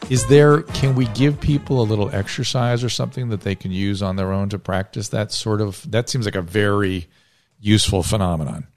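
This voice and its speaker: A man hosting a podcast, reading sponsor ads briskly and then questioning a guest. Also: fairly low pitch, darkish tone, soft background music. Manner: brisk promotional delivery. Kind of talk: ad read and interview.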